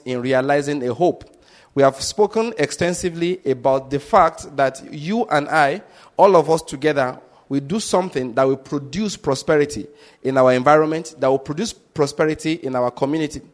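Pastor guy preaching, slightly high voice, keeps hammering the point home. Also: moderate pace. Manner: emphatic, repetitive teacher explaining step by step. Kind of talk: sermon teaching.

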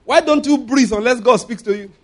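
A man preaching a sermon, lively and laughing often as he acts out voices. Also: extremely high pitch, a little fast.

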